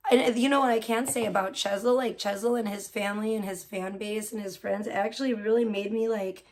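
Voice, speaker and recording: A woman's voice: medium pitch, fairly even intonation, fairly quick. A woman hosting a casual livestream from her home, chatting in a rambling way with many fillers and restarts. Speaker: livestream host. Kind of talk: casual chat. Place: room at home with cats.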